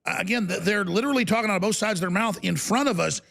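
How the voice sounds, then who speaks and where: A middle-aged man hosting a combative political talk show, animated and indignant, repeating words as he gets worked up. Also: sits high, racing, creaky.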